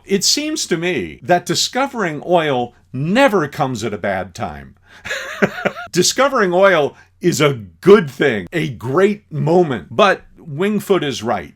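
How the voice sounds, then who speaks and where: A male teacher giving a classroom lecture, animated and acting out scenes as he retells them. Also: medium pitch.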